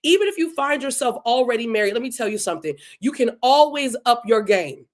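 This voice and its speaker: A woman hosts a live-streamed podcast, chatting with her viewers in a warm, effusive way. Her voice sits a little on the high side. She greets people by name and talks loosely and casually. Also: lively intonation, a little fast. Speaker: podcast host. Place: home, Delaware.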